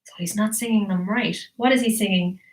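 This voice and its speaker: A woman teacher reading a picture book live to children, animated and encouraging, asking questions as she goes. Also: mid-range voice, brisk, roomy sound. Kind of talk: live storytelling for kids.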